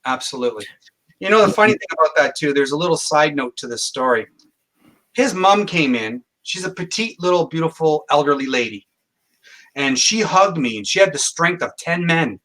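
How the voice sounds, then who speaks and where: A man's voice: a little high, lively intonation, moderate pace, a bit bright. A man telling a long personal story as a guest in a podcast interview, acting out quoted dialogue. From Canada. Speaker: guest psychic.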